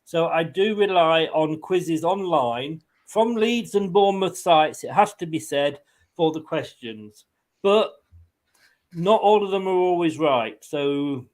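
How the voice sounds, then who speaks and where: Guy hosting a fan quiz stream, kinda high voice, chatty and giggly. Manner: chatty, laughs often while talking. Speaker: quiz host. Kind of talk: casual online quiz show chat.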